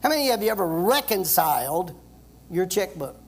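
A pastor preaching a sermon with emphasis, reading scripture and having the congregation repeat phrases after him. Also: male voice, high-pitched, sing-song, normal speed. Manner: reads scripture aloud and explains it.

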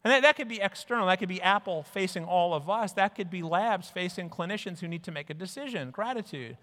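A man giving an animated conference talk, telling stories and putting on mock voices for people he quotes. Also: high-pitched, brisk. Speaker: speaker. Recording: reverberant hall.

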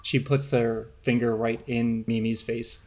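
A man with a mid-range voice narrates as game master for a tabletop game. He talks in a relaxed, chatty way, peppered with "like". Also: mid-range voice, a little slow.

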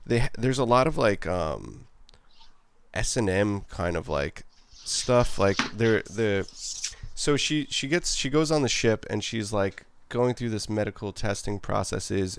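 A man's voice: on the low side, vocal fry, clean tone, no echo. A man co-hosting a casual podcast conversation, rambling and leaning heavily on "like" and "um" as he talks. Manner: rambling, heavy on "like" and "um" fillers.

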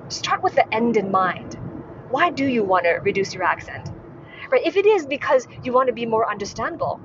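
A woman from Hong Kong, a communication coach, speaking straight to the camera and repeating her key points with rhetorical questions. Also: a little high. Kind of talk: direct-to-camera coaching video. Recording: dull muffled sound with clear background noise.

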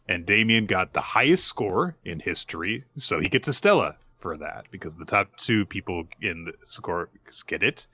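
A man co-hosting a podcast, recapping manga chapters in casual chat, who often jumps into a high voice to act out characters' lines. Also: animated, normal speed, hardly any pauses, pushed and bright, slightly rough. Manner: restarts and fillers. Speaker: podcast co-host.

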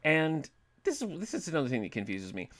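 A man's voice: on the high side, wildly swooping pitch, a little fast, fairly bright tone. A man co-hosting a podcast in casual chat, easygoing as he reads out poll results. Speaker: podcast co-host.

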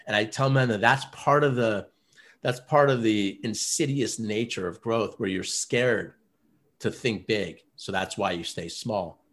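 A man's voice: lowish voice, normal speed, fairly bright tone. A man who runs a men's coaching program, telling stories in a casual interview with lots of fillers. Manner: earnest, storytelling, many fillers like "you know" and "like".

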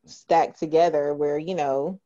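A woman's voice: low voice, steady tone, unhurried, warm tone, no echo, muffled recording. A woman co-hosting a podcast in casual chat, laid-back with many fillers. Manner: laid-back, lots of "you know". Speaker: podcast co-host.

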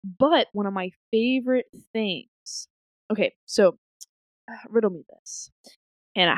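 A young woman co-hosting a podcast in casual chat, telling stories in an animated way and acting out her own thoughts. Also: medium pitch, no room sound. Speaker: podcast co-host.

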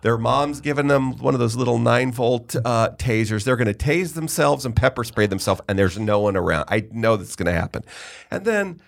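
A middle-aged man hosts a casual podcast interview, his voice sitting at an ordinary middle pitch. He tells stories at length, wandering, interrupting himself and backing up to fix details. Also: animated, moderate pace, vocal fry. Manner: rambling storyteller, self-interrupting. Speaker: podcast host.

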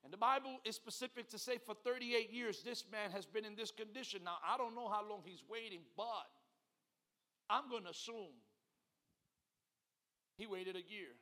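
High-voiced preacher with a bright, ringing voice. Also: male voice, normal speed, long pauses. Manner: call-and-response preaching, swings from quiet to shouting. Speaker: pastor. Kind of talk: sermon. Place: church.

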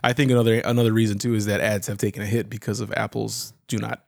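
A man's voice: fairly low pitch, little pitch movement, fast talker, gravelly, a little mellow, no echo, studio quality. A man co-hosting a podcast, explaining things in a casual, rambling way with frequent restarts. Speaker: podcast co-host. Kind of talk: casual chat.

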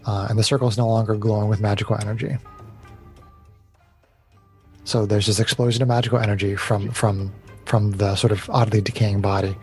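A man's voice: lowish voice, level tone, fast talker, darkish tone, soft background music. A man narrating as game master of a tabletop game, often stumbling and repeating words.

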